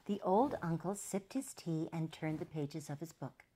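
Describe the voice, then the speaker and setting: Expressive woman reading a storybook aloud. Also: low voice, normal speed, a little hiss or hum. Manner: expressive, sing-song. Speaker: children's storyteller. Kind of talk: reading a picture book aloud.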